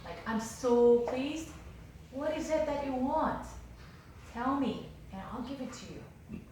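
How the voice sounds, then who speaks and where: A woman lecturer voicing an ancient Persian king who shouts his pleasure and his rage. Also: steady tone, normal speed, a little hiss or hum, natural voice. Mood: delighted. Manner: booming, exclamatory. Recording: roomy lecture hall, distant mic.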